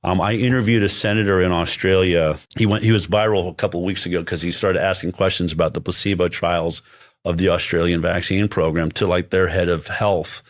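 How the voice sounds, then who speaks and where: Deep-voiced man, emphatic interview guest. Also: steady tone, fairly quick, no echo, clean studio sound. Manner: emphatic, with frequent restarts and self-interruptions. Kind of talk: conversational interview talk.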